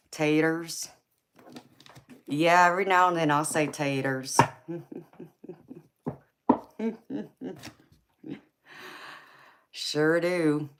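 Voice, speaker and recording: A woman's voice: lowish voice, expressive, extremely slow, long pauses, slight background noise. A woman with a Georgia Southern accent chats easily with her viewers, laughing often. She calls them honey and girlfriend and keeps a friendly, talkative flow. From California. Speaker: livestream tarot reader. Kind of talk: casual live-stream chat with viewers.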